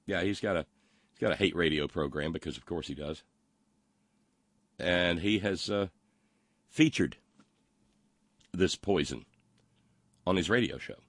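A man with a low voice, recorded with no echo, hosts a political talk show. He reads listener comments and mocks the news sarcastically, halting often with lots of ums and uhs.

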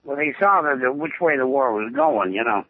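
A man calling in to a radio show, talking in an excitable, rambling way. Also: mid-range voice, moderate pace, slight background noise. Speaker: caller. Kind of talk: call-in radio chat. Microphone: telephone. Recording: tinny phone line.

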